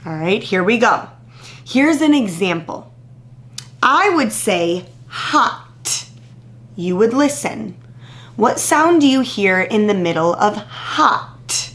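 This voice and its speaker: Leading small children in a slow, deliberate phonics lesson, this woman teacher speaks in a mid-range voice with lively intonation. She enunciates each word crisply, waits, then praises every answer in a patient, drawn-out, encouraging way.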